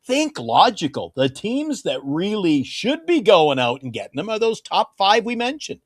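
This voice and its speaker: This co-host is a man with a somewhat high voice that swings up and down a lot as he pushes his opinions hard. He sounds close and dry on his mic, talking casually but emphatically. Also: wildly swooping pitch, normal speed, no room sound. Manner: opinionated, emphatic, keeps addressing the host by name. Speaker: regular co-host on a sports talk stream. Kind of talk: casual sports talk.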